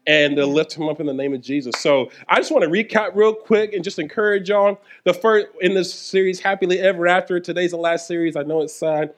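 A man's voice: sits high, fairly quick, hardly any pauses. A man pastor giving a conversational sermon, joking and talking straight to the congregation. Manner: playful, joking, addresses the congregation directly.

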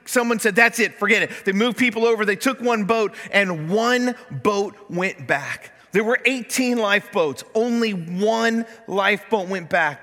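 High, bright-voiced man preaching. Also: long reverb tail. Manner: storytelling, acts out voices in quotes. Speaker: pastor. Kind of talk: sermon. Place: church sanctuary.

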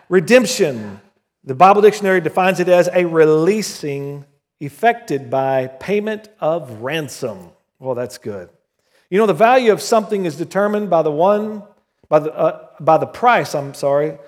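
A pastor from southern Oklahoma who prays and then preaches a sermon to his congregation, telling stories and singing bits of a hymn. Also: fairly high pitch. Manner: prayerful, then storytelling with sung hymn lines. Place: church building with congregation. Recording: long hall reverb.

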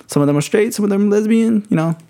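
A man telling a long story in a casual chat, animated and heavy on swearing. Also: high voice, very fast.

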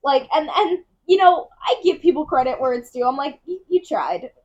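A woman's voice: high-pitched, a little fast. A woman co-hosting a book podcast, telling candid stories in casual chat. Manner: candid, lively storytelling. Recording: muffled lo-fi sound.

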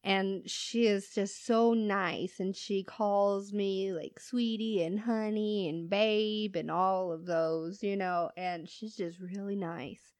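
A woman's voice: mid-range voice, steady tone, slow pace, hardly any pauses, darkish tone, clear, resonant tone, dry recording. A young woman chatting casually, telling funny work stories and laughing often. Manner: laughs often, storytelling with quoted voices. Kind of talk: casual chat.

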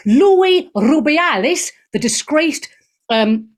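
A woman hosts a talk radio show from a studio mic. Her voice sits fairly high, and she is brash and irreverent, laughing and swearing as she reacts to the news. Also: animated, takes it slowly. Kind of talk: opinionated news chat.

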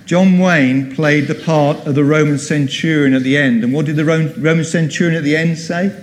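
Male preacher, conversational sermon, asks the room questions, slightly high voice, long hall echo. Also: steady tone, moderate pace, slight background noise. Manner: chatty, quizzing the congregation.

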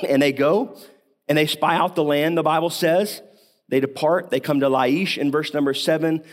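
A male pastor with a mid-range voice preaches, talking through a Bible passage in an easy, conversational way. He uses rhetorical questions and coughs now and again.

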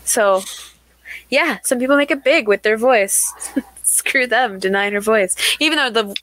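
A woman's voice: a little high, a little slow, a bit bright, no room sound, low-quality recording. A woman chatting casually about a movie on a podcast, talkative, acting out little quotes and giggling.

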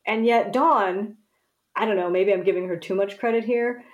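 A woman's voice: mid-range voice, moderate pace, lo-fi sound. A woman co-host in casual chat, reflecting on a TV scene and questioning her own reading of it. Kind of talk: casual chat about a TV episode.

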